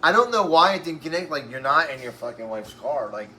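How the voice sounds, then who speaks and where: His voice is on the high side, sing-song, pushed, and bright, and he talks a little fast. Being interviewed, he tells a lengthy, rambling, profane story loaded with "like" and "right?", somewhat breathless and on oxygen, in an echoey room with faint background noise.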